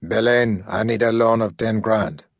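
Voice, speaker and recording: A man's voice: on the low side, measured pace, gravelly, no room sound, clean studio sound. A man voicing a smug, wisecracking blackmailer. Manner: brash, wisecracking and crude. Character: smug male blackmailing hustler, pushy.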